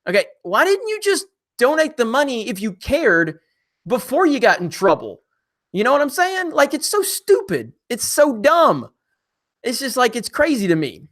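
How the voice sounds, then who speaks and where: A young man hosting a casual live stream, reading viewer comments and joking with chat in an animated way. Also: very high voice, normal speed.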